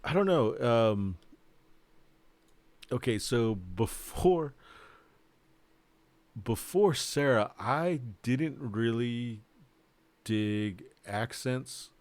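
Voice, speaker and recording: A man's voice: medium pitch, expressive, drawn-out words, long pauses, a little mellow, no echo. A man, a board game designer, chatting casually and rambling, joking and swearing as he talks. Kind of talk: casual livestream chat.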